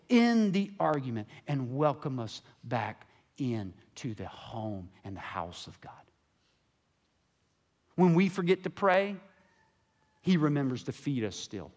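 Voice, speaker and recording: A man preaching a sermon as pastor in a church sanctuary, swinging between hushed and loud. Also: fairly high pitch, sing-song, unhurried.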